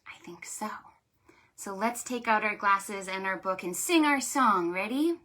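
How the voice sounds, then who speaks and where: A woman leading a preschool storytime as a children's librarian, in an animated sing-song way with gasps and whispers. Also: medium pitch, normal speed.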